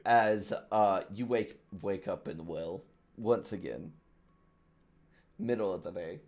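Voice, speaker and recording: A man runs a tabletop game in a slow, halting way. His voice is very low and gravelly. He pauses often with fillers. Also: a little mellow, slight background noise. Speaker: game master.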